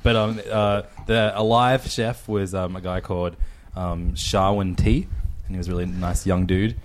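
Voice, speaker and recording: A man with a very deep voice hosts a casual podcast chat. He speaks with dry, self-mocking humor. A faint hiss sits under his voice. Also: fairly even intonation, moderate pace.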